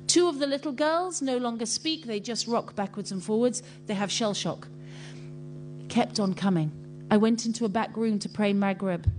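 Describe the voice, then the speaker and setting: A woman giving an impassioned religious talk to a congregation, telling stories earnestly and emotionally with many pauses. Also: on the high side, a little hiss or hum. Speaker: speaker addressing a Muslim congregation.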